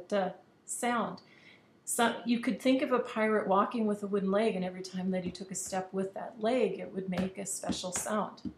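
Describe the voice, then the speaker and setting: A woman teacher talks through a literature lesson in a patient, clear voice at a middle pitch. She leans hard on stressed syllables when giving examples. The room rings with echo over a faint hiss. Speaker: online high school English teacher. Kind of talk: recorded lesson explanation.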